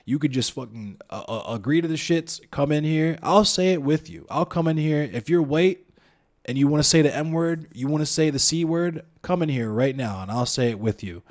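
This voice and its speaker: On a live stream, a man with a somewhat high, animated voice argues his point at normal speed, swearing freely and not mincing words. He addresses his chat head-on and tosses out rhetorical questions as he rants.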